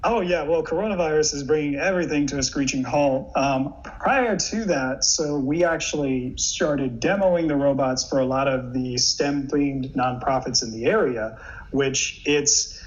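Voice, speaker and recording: A man from the American South, a guest on a podcast, talking fast and excitedly about his robotics business. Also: medium pitch. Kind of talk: casual conversational interview. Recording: slightly dull, muffled sound.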